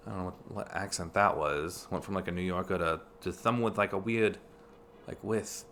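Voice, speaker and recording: A man's voice: sits low, fairly even intonation, brisk, gravelly, a bit bright, a little hiss or hum. A man giving casual, chatty commentary while streaming a video game, thinking aloud with fillers and restarts. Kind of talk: casual let's-play commentary.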